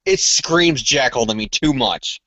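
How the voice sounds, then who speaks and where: Man, casual podcast co-host, emphatic, bright tense voice, dry lo-fi sound. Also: mid-range voice, measured pace. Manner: animated, speculative, emphatic. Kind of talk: casual comic book discussion.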